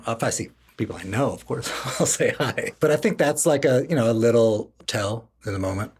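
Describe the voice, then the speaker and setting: A man's voice: mid-range voice, lively intonation, fairly quick, a little mellow, slightly rough. A man co-hosting a podcast, chatting casually with lots of filler words and curious questions. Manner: chatty with many "like" fillers, inquisitive. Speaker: podcast co-host. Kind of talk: casual chat.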